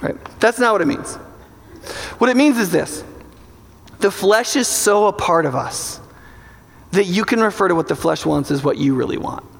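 A man preaching a sermon in an animated, joking way, now and then acting out inner voices. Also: high-pitched, moderate pace, creaky, pauses often. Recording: large hall with long reverb.

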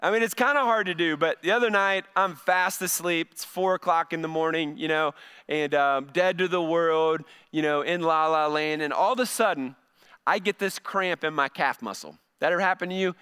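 A man's voice: a little high, moderate pace, pushed and bright, clear, resonant tone. A middle-aged male pastor giving a conversational sermon, often repeating words as he starts a phrase.

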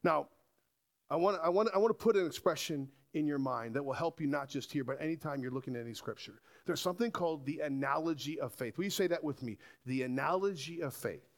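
A man preaching a sermon to a congregation, animated and asking rhetorical questions. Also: on the high side, quick pace. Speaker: pastor.

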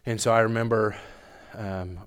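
A young man giving an earnest, emotional testimony at church, halting and restarting as he speaks. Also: lowish voice, fairly even intonation, smooth.

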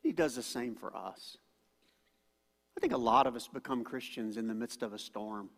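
A man preaching a sermon as pastor, animated and acting out quoted voices loudly. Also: mid-range voice, normal speed, vocal fry. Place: church auditorium. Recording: long hall reverb.

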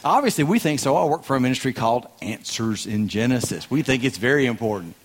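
A man's voice: medium pitch, expressive, quick pace, husky. A man with a Southern US accent, a guest speaker giving a sermon in a folksy, joking and emphatic way. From American South.

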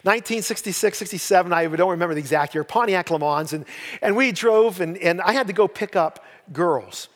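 An older pastor preaches, winding through homespun stories with a folksy, self-mocking humor. His voice sits high for a man. The sound rings with the long reverb of a large church hall. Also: fairly quick. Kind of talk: sermon with personal storytelling. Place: church sanctuary.

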